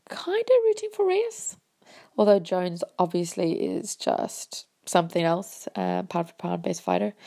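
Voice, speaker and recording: A woman's voice: fairly low pitch, vocal fry, dark tone. A woman hosting a casual fight recap, chatting and thinking aloud with many fillers and hedges. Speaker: MMA podcast host.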